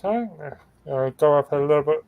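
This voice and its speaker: Male co-host on a video call, slightly high voice, easygoing scoreboard rundown. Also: lively intonation, a little fast, darkish tone, smooth. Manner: talks through a scoreboard, stumbles over names. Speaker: co-host reading team standings. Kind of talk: casual livestream chat.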